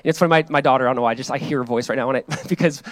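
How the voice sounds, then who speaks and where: A man in his thirties preaching and praying as a pastor, casual and energetic, often repeating and restarting phrases. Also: mid-range voice, rapid-fire, no room sound. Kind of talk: sermon with prayer. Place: church hall.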